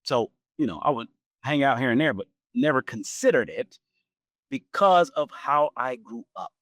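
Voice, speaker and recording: A man in his forties hosting a podcast, telling a personal story in a casual, animated way and laughing often. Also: moderate pace, no echo, clean studio sound. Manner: animated, acts out quoted voices with big pitch jumps. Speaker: podcast host.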